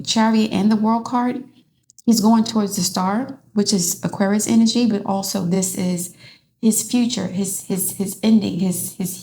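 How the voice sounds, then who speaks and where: A woman's voice: mid-range voice, creaky, warm tone. A woman giving a casual tarot reading in a rambling way, restarting often. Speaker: tarot reader.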